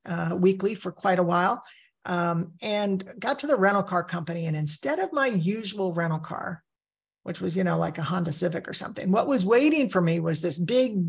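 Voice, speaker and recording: A woman's voice: on the low side, husky. A woman trainer giving a conversational training presentation on crisis care, telling personal anecdotes along the way.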